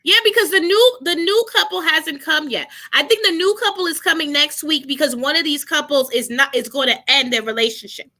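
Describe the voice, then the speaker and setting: A woman hosting a casual reality TV review show over a video call, talking in an animated, expressive way and laughing often. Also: sits high, fairly quick, hardly any pauses. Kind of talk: casual chat.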